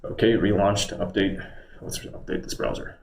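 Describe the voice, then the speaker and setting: This live streamer talks loosely from a room at home, drifting from thought to thought and mumbling to himself. He speaks at a normal pace in a low voice with vocal fry, over a roomy echo and faint background hum.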